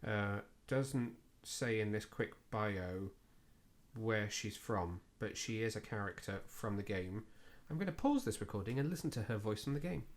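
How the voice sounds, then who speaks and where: A man's voice: lowish voice, lively intonation, normal speed. A man co-hosting a podcast, talking casually with lots of fillers and self-deprecating asides. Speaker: podcast co-host. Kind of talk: casual chat.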